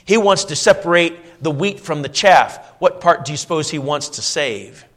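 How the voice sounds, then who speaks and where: A man preaching a sermon, asking his listeners questions and dropping to a soft, low voice when he quotes scripture. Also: expressive, normal speed. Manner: swings between loud emphatic lines and soft low quoting; asks the congregation rhetorical questions.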